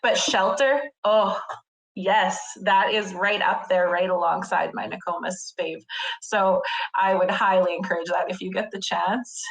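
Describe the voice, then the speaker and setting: A woman's voice: medium pitch, steady tone, unhurried, vocal fry, echoey room, poor audio. A Canadian woman chatting casually as a podcast guest, describing beers with enthusiasm and plenty of filler words. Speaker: podcast guest, craft beer reviewer. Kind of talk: casual chat.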